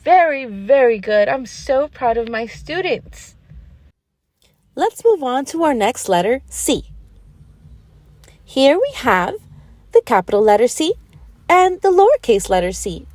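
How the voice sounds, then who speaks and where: In a cartoon-style toy lesson, an adult woman plays a patient, gentle gazelle who teaches preschool. Her slow, encouraging, sing-song delivery has a bright, high lilt as she spells words and keeps praising her little students, heard up close and dry with no room sound.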